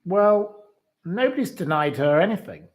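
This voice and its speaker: A man hosting a solo news commentary with a fairly high voice. He talks at an unhurried, deliberate pace, and his delivery is indignant and scornful, full of insults. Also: sing-song. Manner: reads out quotes and then rebuts them. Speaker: host.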